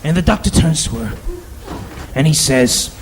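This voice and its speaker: A man voicing a stand-up comic who builds up a story, then shouts the punchline. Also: a little high, lively intonation, normal speed, a little hiss or hum, natural voice. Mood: solemn.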